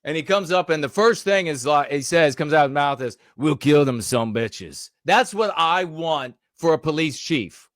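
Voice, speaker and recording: A man's voice: a little high, moderate pace, few pauses, fairly bright tone, no echo. Man ranting angrily, dry sound. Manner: angry, mocking, with many fillers and restarts. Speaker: commentator. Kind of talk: ranting commentary on a news clip.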